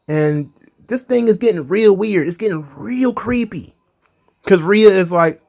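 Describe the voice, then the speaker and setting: Brief: man ranting about wrestling, blunt and profane, slightly high voice. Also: lively intonation, unhurried, creaky, a little mellow. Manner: blunt, exasperated, swears freely. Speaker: wrestling commentary host. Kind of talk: casual profane commentary.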